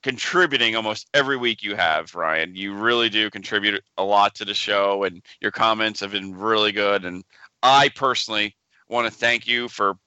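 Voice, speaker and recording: A man's voice: lowish voice, normal speed, pushed and bright, clear, resonant tone, dry recording. A man co-hosting a podcast, chatting casually and joking with his guests. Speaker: podcast co-host.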